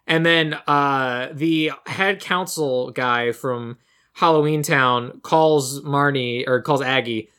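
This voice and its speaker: Male podcast co-host, casual rambling recap with quick character impressions. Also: mid-range voice, bright, forceful tone, clean tone. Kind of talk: casual movie recap chat.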